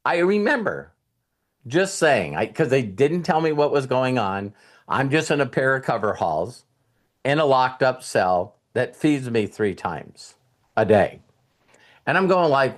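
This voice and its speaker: A middle-aged coaching-show host, speaking in a mid-range voice that is very animated yet a little slow, shares a personal story. Throughout this casual motivational talk he performs his younger self's words as quotes.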